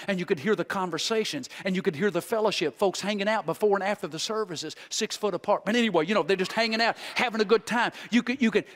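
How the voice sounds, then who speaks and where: A male guest preacher giving a revival sermon, folksy and joking, swinging from loud exhortation to hushed intensity. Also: high-pitched.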